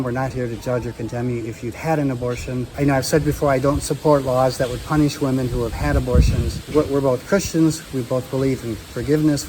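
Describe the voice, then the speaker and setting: An older American man co-hosting a discussion podcast, speaking in a measured, careful way and often affirming his co-host. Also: medium pitch. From United States. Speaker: co-host, retired academic. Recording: noticeable background noise.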